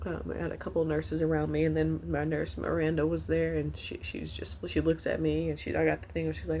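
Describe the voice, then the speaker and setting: A woman vlogger speaks candidly and haltingly, filling pauses with small hesitations. Her voice carries some fry, and a faint steady noise sits under the recording. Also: low-pitched. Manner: candid, emotional, halting with fillers. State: choked up, near tears. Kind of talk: personal storytelling to camera.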